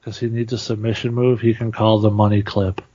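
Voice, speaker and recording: A man's voice: lowish voice, little pitch movement, brisk, warm tone, slightly rough, no room sound. A man co-hosting a wrestling podcast, asking questions and dropping dry, sarcastic remarks. The recording is close and dead, with no room sound, and has a dull, lo-fi tone. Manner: wry, questioning, sarcastic asides. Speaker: podcast co-host. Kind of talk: casual wrestling recap chat.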